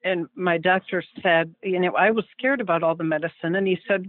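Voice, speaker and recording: A woman's voice: on the low side, brisk, hardly any pauses. A woman guest speaking candidly about her own experiences in a casual conversation. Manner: candid, sympathetic listener. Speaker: interview guest. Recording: tinny phone-line audio.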